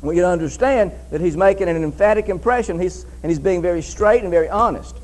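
A man's voice: high-pitched, fast talker, a little mellow, rough recording. A man preaching a sermon in an emphatic way, repeating phrases for stress and reading scripture aloud.

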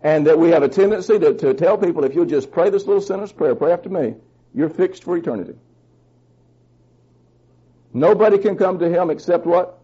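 Male preacher, emphatic sermon delivery, slightly husky high voice. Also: lively intonation, fairly quick, long pauses, mellow, dull audio. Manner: fervent, emphatic, rises in pitch when stressing points; asks the congregation questions.

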